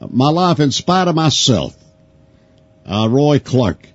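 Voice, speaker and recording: Lively folksy radio interviewer. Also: male voice, mid-range voice, takes it slowly, dry recording. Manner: folksy, joking. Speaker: radio host. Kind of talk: phone interview. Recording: dull archived phone interview.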